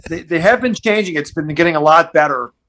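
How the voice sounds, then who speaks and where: A man with a Philadelphia accent talks on a podcast in a voice pitched a little higher than most men's. He tells his stories in an easygoing way, often trailing off and starting a thought again. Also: brisk, sharp tone. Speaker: comedian. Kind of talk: casual podcast chat.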